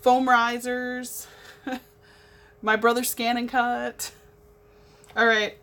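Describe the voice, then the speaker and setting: A woman's voice: fairly high pitch, level tone, drawn-out words, a bit bright. A young adult woman hosting a craft livestream, chatting in a bubbly way with viewers as she paints. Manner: bubbly, chatty, talks to viewers while working. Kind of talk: casual chat while painting.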